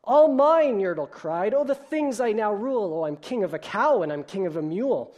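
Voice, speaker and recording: A man's voice: sits high, expressive, brisk, voice pushed up. Man putting on a bellowing boastful turtle king. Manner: loud, lofty, commanding.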